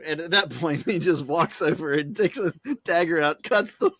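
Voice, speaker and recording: A man co-hosting a podcast, casually retelling a film with lots of laughter, jumping into high squeaky voices for the characters. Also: normal speed, fairly bright tone, no room sound. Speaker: podcast co-host.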